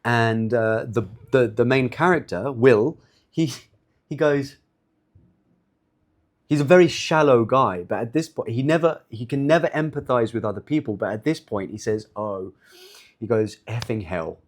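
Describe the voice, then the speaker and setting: A man's voice: medium pitch, normal speed. A man giving an informal religious lecture, speaking conversationally, often repeating and restarting words as he talks straight to his listeners.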